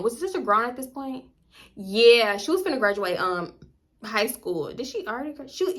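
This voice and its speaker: Bright-voiced chatty young woman. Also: medium pitch. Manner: chatty, slangy, addresses viewers as y'all. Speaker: vlogger. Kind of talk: casual storytime.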